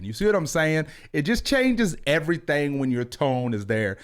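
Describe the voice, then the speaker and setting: A man in his thirties, a youth football coach and podcast host, talking with high energy and an animated, hands-moving delivery. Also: moderate pace, hardly any pauses, clean tone. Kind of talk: motivational podcast talk. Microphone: video podcast mic.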